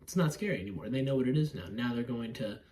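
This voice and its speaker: A man's voice: mid-range voice, animated, fast talker, darkish tone. A man rambling through a casual movie review at home, swearing freely, laughing, acting out scenes, and yawning now and then. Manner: rambling, profane, laughs often, acts out scenes. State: yawning, drowsy.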